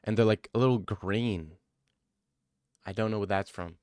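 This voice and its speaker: A man's voice: fairly low pitch, moderate pace, darkish tone, no echo, studio quality. A young man streaming live, answering his chat with defensive, joking replies and a lot of "bro.". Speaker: livestreamer reading chat. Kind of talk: casual livestream chat.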